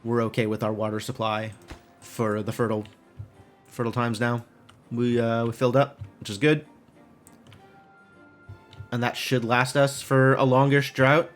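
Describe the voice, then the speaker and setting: A man's voice: medium pitch, flat delivery, moderate pace, pauses often, soft background music. A man streaming a game live, thinking aloud in casual, rambling commentary full of "like" and puzzled questions to himself.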